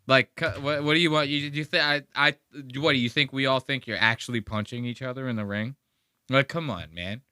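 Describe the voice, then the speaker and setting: A male podcast host ranting in a casual, profane, animated way, full of "like". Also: mid-range voice, a little fast, clear, resonant tone, dry recording. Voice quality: animated, profane, heavy use of "like".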